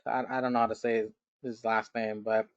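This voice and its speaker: A man's voice: fairly low pitch, little pitch movement, normal speed, smooth, no room sound, dull audio. A man hosting a casual podcast chat, loose and joking, putting questions to his co-hosts. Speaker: podcast host.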